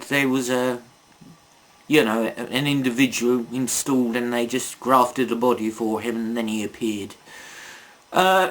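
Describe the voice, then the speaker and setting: A man reviewing toys in a casual video, rambling and chatty, full of asides and self-mocking jokes. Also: medium pitch. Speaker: toy reviewer.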